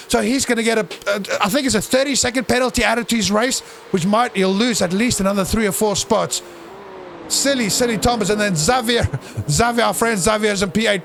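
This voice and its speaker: A man's voice: sits high, gravelly, fairly bright tone, a little hiss or hum. A man giving live, unscripted commentary on a sim race in a playful, teasing way, exclaiming at crashes.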